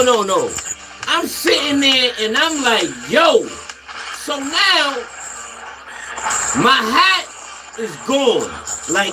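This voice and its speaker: Loud animated man telling a comic story. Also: very high voice. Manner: animated, loud, profane, repeats himself.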